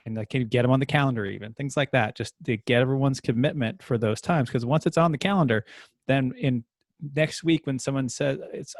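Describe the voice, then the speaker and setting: A man's voice: mid-range voice, fast talker, gravelly, dry recording. Guy hosting a car podcast, upbeat and practical, dry mic. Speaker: podcast host. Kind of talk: casual chat.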